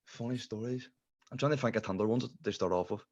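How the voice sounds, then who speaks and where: A man's voice: medium pitch, fast talker, a little mellow. A young man with a Derry accent, guesting on a podcast in a laid-back, rambling chat full of swearing. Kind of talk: casual chat. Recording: muffled lo-fi podcast audio.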